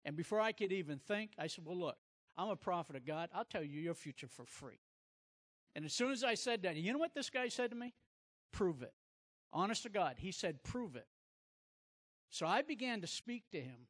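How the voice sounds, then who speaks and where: A man's voice: sits high, fairly quick. A man preaching a sermon, telling personal stories with emphatic repetition. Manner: animated storytelling, emphatic repetition.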